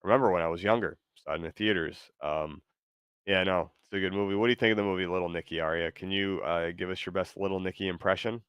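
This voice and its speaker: A man's voice: deep voice, steady tone, quick pace, a bit bright, smooth, no echo, clean studio sound. A man hosting a stream, chatting casually and reading out viewer messages, hesitant with many ums and restarts. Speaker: streamer host.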